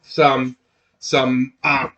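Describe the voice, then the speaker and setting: A man's voice: mid-range voice, little pitch movement, drawn-out words, a bit bright. A man chatting casually as he unboxes miniatures, rambling with many fillers and restarts. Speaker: miniatures collector unboxing blind boxes.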